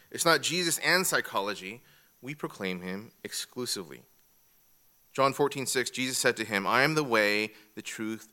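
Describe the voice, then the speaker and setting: A man's voice: medium pitch, bright, forceful tone. A man teaching a church class from an outline, methodical and repeating each key point. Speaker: Bible teacher.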